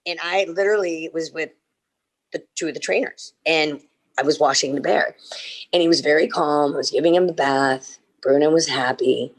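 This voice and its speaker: A middle-aged woman on a video-call fan panel, telling lively stories and acting out the people in them. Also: normal speed. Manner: animated, acts out quotes with big leaps in pitch. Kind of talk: casual anecdote telling.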